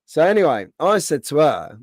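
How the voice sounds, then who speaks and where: A man's voice: fairly high pitch, very animated, normal speed, dry recording, studio quality. Chatty man hosting a live stream. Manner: chatty, answers viewers' comments by name. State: rough throat, clearing it often. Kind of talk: casual live stream chat.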